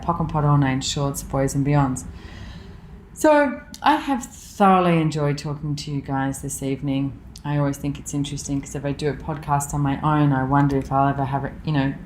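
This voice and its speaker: A woman hosting a solo podcast, talking in a blunt, animated, chatty way and telling stories. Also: sits low. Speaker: podcast host. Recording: roomy with faint background noise.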